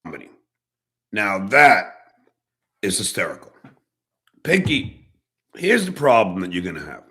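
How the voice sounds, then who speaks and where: A man live streaming, talking in a brash, taunting way with drawn-out phrasing. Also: lowish voice, huge pitch swings, sharp tone. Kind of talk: rambling live stream talk.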